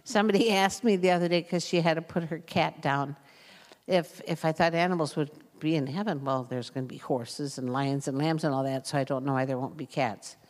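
A woman's voice: low-pitched, fairly quick, darkish tone. Folksy woman teaching scripture in a hall. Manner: folksy, chatty, laughs often, reads scripture aloud. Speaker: Bible teacher. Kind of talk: informal Bible teaching. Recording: long hall reverb.

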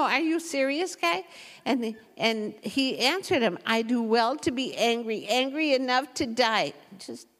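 A woman giving an informal, chatty Bible teaching, reading scripture aloud and laughing often as she comments. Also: a little high. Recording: long hall reverb.

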